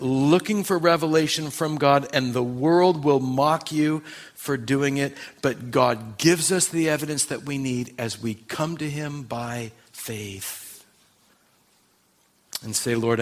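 A male pastor preaching a sermon, swinging from loud emphasis to hushed intensity. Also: mid-range voice.

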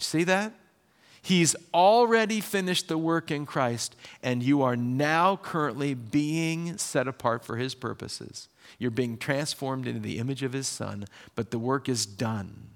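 A man preaching a sermon as pastor, in a lively, conversational way with quick bursts. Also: mid-range voice.

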